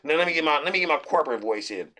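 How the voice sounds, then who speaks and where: A middle-aged American man hosting a sports betting show, rambling loosely through his picks with hype and shout-outs. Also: fairly high pitch, fairly even intonation, very fast, slight background noise. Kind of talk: casual sports picks monologue.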